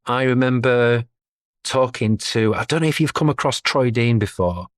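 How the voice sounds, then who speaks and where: A man's voice: medium pitch, moderate pace, dry recording, studio quality. A middle-aged man, talking as a guest in a casual podcast interview, chatty and self-deprecating. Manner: chatty, self-deprecating, laughs between thoughts.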